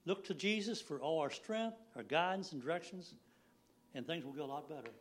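A man in his sixties speaks at a church gathering in a folksy, rambling way. His voice sits a little high for a man, and he laughs easily between thoughts. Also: animated, a little fast. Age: 60s. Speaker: lay preacher. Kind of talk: informal church sermon.

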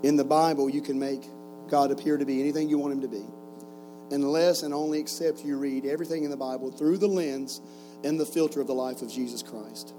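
A man's voice: mid-range voice, steady tone, a little fast, dark tone, soft background music, low-quality recording. A man in his forties preaching to a camp group, telling stories with jokes and rhetorical questions. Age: 40s. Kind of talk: sermon with stories.

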